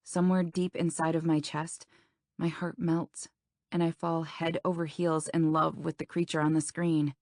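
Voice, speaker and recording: Low gravelly young woman narrating a romance. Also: level tone, normal speed, a little mellow, dry recording, studio quality. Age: young adult. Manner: intimate, anxious first-person telling. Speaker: audiobook narrator. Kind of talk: first-person romance audiobook narration.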